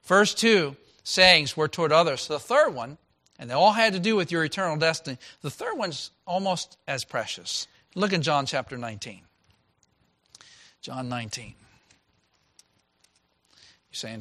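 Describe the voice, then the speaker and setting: A man preaching a sermon as a pastor, reading scripture and swinging from loud exclaiming to hushed tones. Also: fairly high pitch, expressive, unhurried, long pauses.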